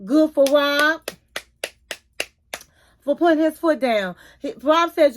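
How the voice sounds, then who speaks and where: A woman's voice: high voice, slow pace, long pauses. A woman casually recapping a reality TV episode, giving blunt, opinionated takes in colloquial speech. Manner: informal, colloquial phrasing. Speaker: YouTube reality TV commentator.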